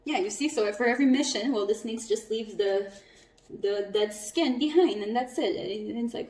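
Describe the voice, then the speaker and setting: A woman giving a casual spiritual tarot reading, chatty and quick to laugh, with some casual swearing. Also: a little high, darkish tone. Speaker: tarot reader. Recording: roomy echo, mic at a distance.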